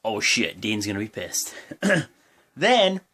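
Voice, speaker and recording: A young man hosting his own channel, recapping a wrestling show in a casual, excitable way with lots of fillers and sudden jumps in pitch. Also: slow. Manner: excitable, acts out quotes in jumpy high voices, many fillers. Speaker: host of a wrestling reaction channel. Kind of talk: casual recap talk to camera.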